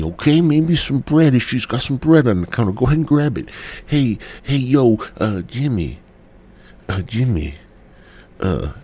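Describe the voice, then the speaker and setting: Guy doing a cocky teen vigilante kid, high pitched and bouncy, kinda husky. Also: darkish tone. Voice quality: high, brash and slangy. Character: cocky teenage boy vigilante, brash ringleader.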